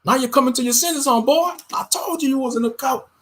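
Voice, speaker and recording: A man's voice: high voice, fairly quick, voice pushed up, lightly acted. A man voicing a skeptical relative who mocks someone for leaving his faith, repeating his taunts. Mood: mocking.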